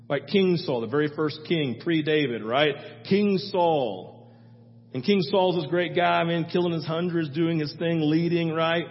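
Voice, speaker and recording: A man preaching a sermon as a pastor, storytelling in an animated way, acting out biblical figures and swinging between loud and soft. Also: mid-range voice, a little hiss or hum. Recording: muffled sound with long hall reverb.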